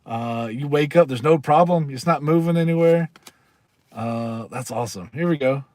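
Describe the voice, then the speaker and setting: A man's voice: medium pitch, moderate pace, a little mellow, dry recording. A man hosting a casual livestream, rambling and reading aloud while chatting with viewers and laughing often. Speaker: livestream host. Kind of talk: casual live-stream chat.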